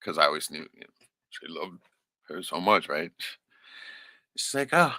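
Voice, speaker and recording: Man with a low, sharp voice for a profane story-time monologue; rambling, swinging delivery, dry sound. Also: sing-song, unhurried, no room sound. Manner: rambling and profane, often tags lines with "right?" and chuckles. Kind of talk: casual personal storytelling monologue.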